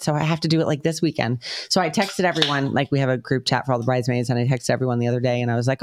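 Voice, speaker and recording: A woman's voice: low-pitched, steady tone, very fast, few pauses. A woman co-hosting a podcast, telling stories in a blunt, profane casual chat. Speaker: podcast co-host.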